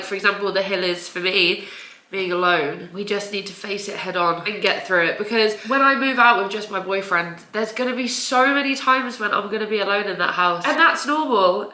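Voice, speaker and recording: A young woman speaks to her camera at home, her voice bright and forward. She rambles in a confessional vlog, breaking into nervous laughs and the odd swear. The room around her sounds echoey. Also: mid-range voice. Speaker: vlogger. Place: home, indoors.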